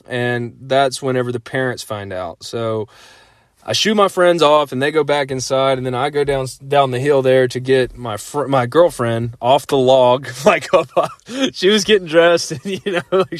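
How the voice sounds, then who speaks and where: A man's voice: a little high, dry recording, studio quality. A man in his thirties casually telling a rambling personal story, full of fillers and frequent laughs.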